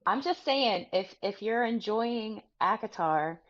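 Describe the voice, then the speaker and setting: A woman's voice: medium pitch, expressive, takes it slowly, muffled recording, very noisy. A woman joining a casual chat remotely, eagerly recommending books.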